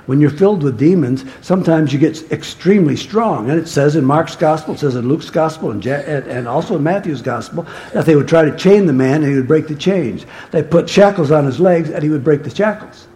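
A man's voice: fairly high pitch, lively intonation, fairly quick, few pauses, dark tone. A male pastor preaching a sermon in a conversational storytelling manner that turns emphatic.

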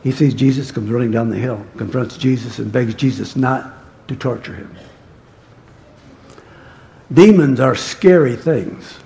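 A man's voice: medium pitch, unhurried, vocal fry, pauses often, warm tone. A male pastor preaching a sermon in a conversational storytelling manner that turns emphatic.

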